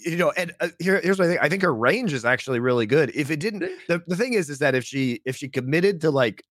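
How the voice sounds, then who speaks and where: A man co-hosting an esports show, breaking down matches in a halting way, full of restarts and easy laughs. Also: fairly high pitch, expressive, fairly bright tone, no echo, clean studio sound. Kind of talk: casual analytical chat.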